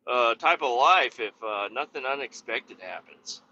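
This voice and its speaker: A man rambles in a casual monologue, profane and self-mocking, and keeps circling back with fillers. His voice is bright and sharp. The recording is somewhat muffled, with a faint vehicle rumble behind it. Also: expressive, unhurried, hardly any pauses. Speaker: podcast host and family man.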